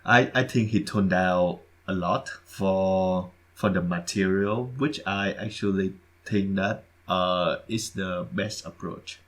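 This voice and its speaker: Man, podcast co-host, deep voice, halting and repetitive delivery. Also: fairly even intonation. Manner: hesitant, repeats words, halting phrasing. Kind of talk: casual podcast chat.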